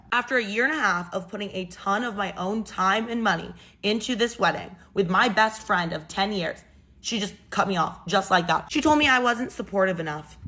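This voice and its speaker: A woman's voice: mid-range voice, moderate pace, bright, forceful tone. A young woman telling a personal story in a casual, chatty and exasperated way.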